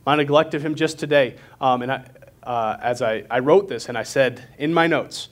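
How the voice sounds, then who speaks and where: A young man gives a sermon in a relaxed, talky way. He speaks at a middling pitch and mixes scripture with frank, self-mocking asides. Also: normal speed. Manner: conversational and candid, with self-deprecating asides. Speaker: preacher.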